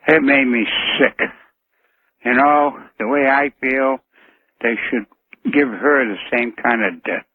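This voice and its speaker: A man's voice: medium pitch, takes it slowly, husky, no room sound. A man calling in to a radio show, talking bluntly and sounding upset. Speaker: caller. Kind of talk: phone call to a radio show. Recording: dry, tinny phone line.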